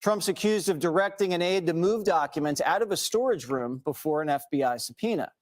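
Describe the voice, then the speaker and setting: A man reading news narration as anchor, brisk and matter-of-fact. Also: on the high side, lively intonation.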